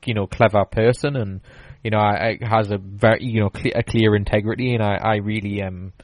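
A man's voice: on the low side, fairly even intonation, a little fast, no room sound. A man in casual chat, telling a long story with many fillers and restarts.

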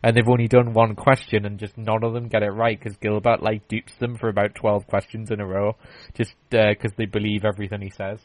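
A man's voice: lowish voice, level tone, brisk, no room sound, rough recording. A man hosting a podcast, chatting casually and rambling through stories with lots of restarts and fillers. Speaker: podcast host. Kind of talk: casual chat.

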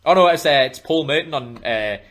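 A man's voice: a little high, expressive, fairly quick, fairly bright tone. A man co-hosting a podcast, telling stories in casual chat with plenty of fillers and restarts. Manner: rambling, self-correcting storyteller with frequent fillers. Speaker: podcast co-host.

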